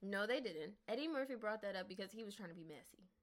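A woman co-hosting a podcast in casual chat, her pitch leaping all over as she retells scenes. She swears freely and throws herself into the quoted lines. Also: fast talker. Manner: animated, profane, acts out quotes in big voices. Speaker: podcast co-host. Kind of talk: casual chat reviewing a film.

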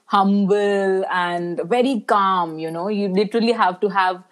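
A woman's voice: medium pitch, measured pace. Chatty woman podcast guest. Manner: chatty, laughing, many fillers like "you know". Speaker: guest, brand manager. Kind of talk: casual podcast interview.

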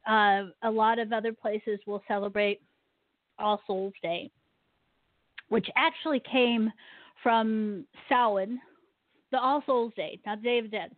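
Over a tinny, dry phone line, a woman with a medium-pitched voice hosts talk radio. She chats casually with a guest, ranting animatedly about pet peeves and laughing often.

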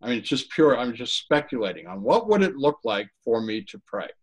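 A man giving an earnest personal testimony in an interview, talking haltingly with frequent restarts. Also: mid-range voice, big pitch swings, slightly rough, low-quality recording. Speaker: interview guest.

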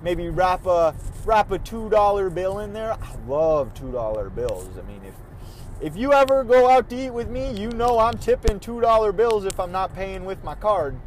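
A man's voice: sits high, lively intonation, normal speed, slight background noise. A man hosting his own podcast from the car, rambling casually, stumbling over and repeating his words. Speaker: podcast host. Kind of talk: casual rambling monologue while driving. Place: in a car on city roads.

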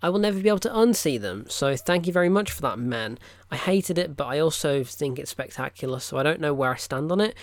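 A man's voice: a little high, animated, fast, dry recording. A man reviewing films in a casual, rambling vlog, full of "look" and "right?" asides. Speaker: film reviewer. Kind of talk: casual weekly film diary vlog.

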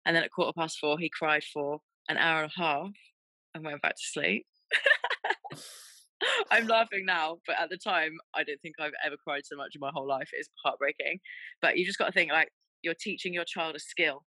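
A woman's voice: low-pitched, fairly quick, sharp tone, dry recording, poor audio. A woman in her thirties, a fitness presenter guesting on a podcast, telling stories candidly with frequent laughter. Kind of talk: casual chat.

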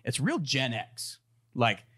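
Blunt, animated man telling stories. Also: medium pitch, slow pace, breathy edge. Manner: animated, blunt, swears freely. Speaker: guest, gun company marketer. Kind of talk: casual storytelling.

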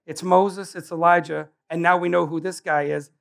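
A man preaching a sermon in a casual, animated way, joking and acting out Bible characters. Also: fairly high pitch, moderate pace, vocal fry, hardly any pauses.

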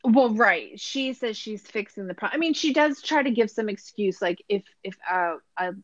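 A woman's voice: medium pitch, lively intonation, normal speed, no room sound. Woman podcast host, sarcastic rambling recap, dry close sound, dull lo-fi mic. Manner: sarcastic, rambling, lots of filler "like". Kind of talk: casual recap chat.

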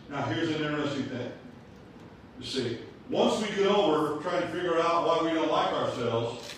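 Recorded far off in an echoey hall with a bit of hiss or hum, this older pastor from South Africa speaks in a fairly high voice. His sermon, in a South African accent, is full of rhetorical questions and joking asides.

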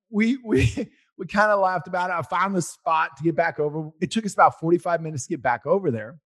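Animated storytelling man, slightly high voice. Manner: rambling and animated, gets loud reliving an argument. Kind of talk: casual personal storytelling.

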